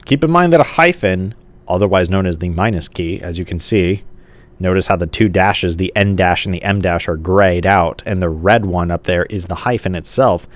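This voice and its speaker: A man's voice: sits low, moderate pace. A male teacher giving a recorded grammar lesson, talking casually while writing on a page and often checking in with the class. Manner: casual, says "like" and checks in with "okay?". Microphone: camera mic.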